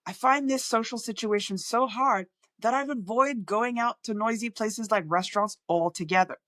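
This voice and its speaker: A woman's voice: a little high, moderate pace, fairly bright tone, no room sound. A woman audiologist with an international accent that is often taken for American, talking straight to camera and acting out patients' remarks in voices. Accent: international, often mistaken for American. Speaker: audiologist and communication coach. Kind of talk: direct-to-camera talk.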